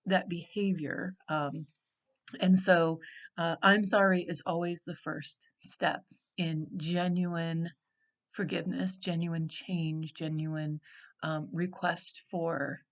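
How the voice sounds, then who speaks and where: A middle-aged woman and life coach giving an unscripted teaching talk, speaking slowly and reflectively with frequent pauses and fillers. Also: fairly low pitch.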